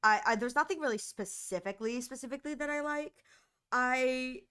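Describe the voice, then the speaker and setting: A woman streams from home and chats casually with her viewers. She giggles often and breaks into little acted-out voices when she quotes someone. Her voice sits a touch high and comes across smooth and clear. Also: normal speed, bright, forceful tone.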